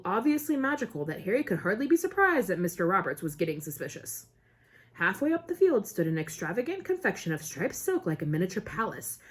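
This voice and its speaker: A woman reading a novel aloud in an expressive way, with small slips now and then. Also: medium pitch, slightly rough. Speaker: audiobook reader.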